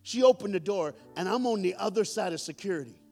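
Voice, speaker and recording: Middle-aged male preacher, lively storytelling sermon, fairly high voice, faint music underneath. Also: fast talker, vocal fry. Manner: animated, joking, calls out to the audience. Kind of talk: storytelling sermon to a live congregation. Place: church hall with audience.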